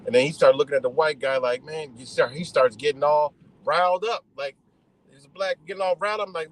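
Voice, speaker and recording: A man's voice: a little high, fairly quick, low-quality recording. A man ranting heatedly to his live stream audience, swearing a lot and circling back over his points in an emphatic, repetitive way. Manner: repetitive, restarts mid-thought. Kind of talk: profane ranting monologue.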